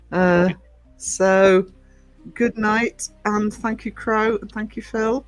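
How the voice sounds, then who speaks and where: High-pitched male co-host, blunt and joking, dry sound. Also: fairly even intonation, extremely slow, dry recording, soft background music, poor audio. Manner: blunt, joking, swears freely. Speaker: livestream co-host. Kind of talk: casual livestream chat.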